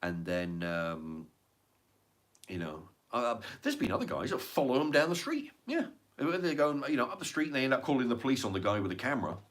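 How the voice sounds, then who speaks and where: A blunt man rambling through a casual monologue to the camera. His voice is mid-pitched but lively, rising and falling a lot. He swears freely and stumbles over repeated words as he goes. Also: brisk. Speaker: vlogger.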